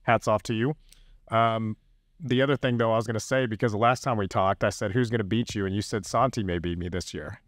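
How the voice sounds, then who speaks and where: A man's voice: fairly low pitch, steady tone, brisk, dry recording, studio quality. A man hosting a podcast, chatty and enthusiastic, telling stories in casual conversation. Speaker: podcast host.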